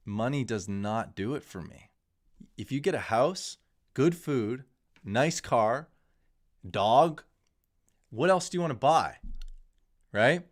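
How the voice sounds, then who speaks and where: On his crypto livestream, a thirtysomething man rambles candidly and shares strong opinions, often restarting his sentences. He has a medium-pitched voice.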